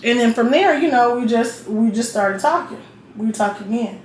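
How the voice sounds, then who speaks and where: A young woman talks straight to camera, blunt and profane and full of asides to the viewer. Her voice sits a little high. The room adds a roomy echo over a faint hiss of noise. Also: animated, moderate pace. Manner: blunt, profane, chatty, keeps checking in with the viewer. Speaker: vlogger. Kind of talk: casual storytelling while getting ready.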